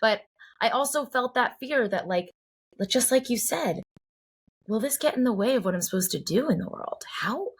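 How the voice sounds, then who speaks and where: A woman's voice: fairly high pitch, lively intonation, normal speed, husky. A woman in her forties from the Boston area, a singer-songwriter guest talking earnestly and reflectively in an interview, with many fillers and restarts. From Cambridge, Boston area. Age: 40s. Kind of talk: heartfelt conversational interview.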